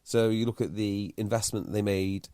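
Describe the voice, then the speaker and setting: A man's voice: fairly low pitch, level tone, moderate pace, dark tone, clean tone, dry recording. Man, podcast host, casual explaining voice, dry close mic. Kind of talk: casual chat.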